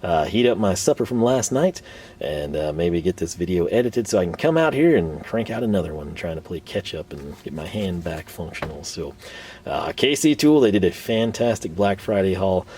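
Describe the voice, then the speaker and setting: A lowish, mellow male voice talks through a casual tool haul vlog in his garage shop, rambling with plenty of fillers and restarts. His voice sounds a little worn, and he is picked up from a distance by the camera mic. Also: big pitch swings, normal speed. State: tired, voice worn. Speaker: tool reviewer.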